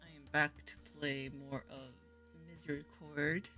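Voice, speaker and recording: A woman's voice: deep voice, fairly even intonation, a little slow, bright, forceful tone, faint music behind. A very tired woman streaming a game, reading its story aloud in a sleepy, rambling way. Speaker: gameplay streamer. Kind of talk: reading a visual novel aloud while playing.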